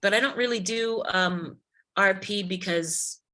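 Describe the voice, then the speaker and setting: A woman actress, a podcast guest, chatting casually in an interview and telling stories in an animated, expressive way. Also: medium pitch, measured pace.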